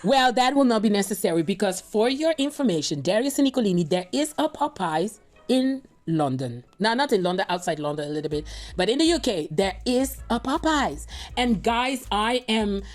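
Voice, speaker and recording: A woman's voice: medium pitch, animated, moderate pace. A woman hosting a reaction video, chatting casually and rambling straight to her viewers. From Europe.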